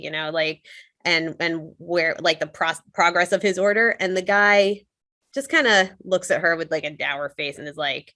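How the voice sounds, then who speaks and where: A woman's voice: fairly low pitch, a bit bright, no room sound. A woman sharing a personal reflection in an earnest, conversational way, with many fillers.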